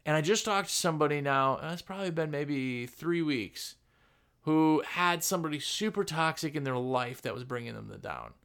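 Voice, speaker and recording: A man's voice: a little high, expressive, moderate pace, fairly bright tone, smooth. A man hosting a podcast, giving a casual motivational talk and acting out other people's voices. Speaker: podcast host.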